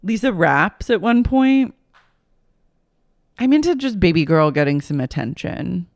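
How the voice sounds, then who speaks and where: A woman co-hosting a podcast, chatting casually with quick, wry remarks. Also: fairly low pitch, lively intonation, no room sound, clean studio sound. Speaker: podcast co-host. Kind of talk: casual chat recap.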